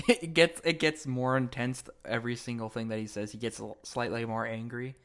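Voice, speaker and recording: A man's voice: mid-range voice, steady tone, normal speed, a bit bright. A man co-hosting a podcast, adding brief, agreeable remarks in casual chat. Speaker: podcast co-host.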